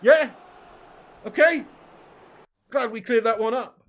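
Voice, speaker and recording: A man's voice: very high voice, slow pace, fairly bright tone, muffled recording. A young adult man streaming a football video game, trading sweary, mock-aggressive banter with his live chat.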